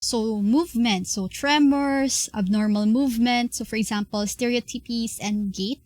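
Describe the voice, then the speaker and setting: A young woman with a Filipino accent giving an online class lecture, explaining slowly with many fillers and restarts. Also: a little high, a little mellow, no echo. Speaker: class presenter.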